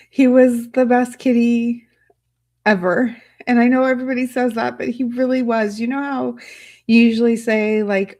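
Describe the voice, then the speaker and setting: A woman hosting a casual livestream, talking softly and emotionally, rambling with many fillers and restarts while reading chat. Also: a little high, steady tone, normal speed. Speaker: livestream host.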